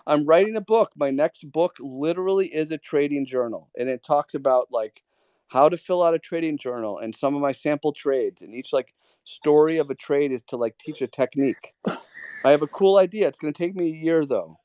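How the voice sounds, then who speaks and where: A man's voice: fairly high pitch, a little fast, warm tone, clear, resonant tone, no room sound, lo-fi sound. A man hosting a live trading Q&A, talking casually and coaching callers with emphatic, repeated points. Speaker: host of a trading Q&A. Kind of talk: casual mentoring talk.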